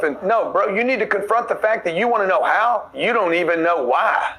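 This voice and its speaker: A man's voice: high-pitched, lively intonation, fairly quick, hardly any pauses, pushed and bright, poor audio. A man giving a blunt, preachy motivational talk, pushing his listeners hard. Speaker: motivational speaker.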